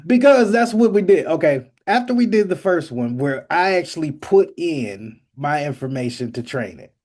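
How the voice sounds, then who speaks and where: A man hosting a podcast in casual chat, telling stories in an animated way and joking dramatically. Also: fairly high pitch. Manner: animated storyteller, jokes dramatically. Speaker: podcast host.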